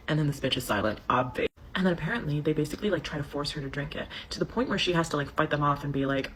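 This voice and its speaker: A woman retelling a story she saw online in a gossipy, animated way, with slang. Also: low-pitched, fast talker, slight background noise, rough recording. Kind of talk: casual chat.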